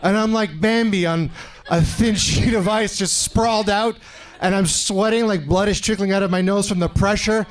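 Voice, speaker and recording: A stand-up comedian from Canada, in his forties, uses a high voice with fairly even intonation at normal speed. Performing in a club, he animatedly tells stories and acts out others' voices as the audience laughs.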